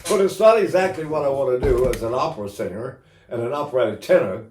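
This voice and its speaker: A man's voice: mid-range voice, lively intonation, fast talker, a little mellow. A man in his eighties giving an informal singing lesson as a voice teacher, talking in a chatty way with joking asides. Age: 80s. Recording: roomy echo.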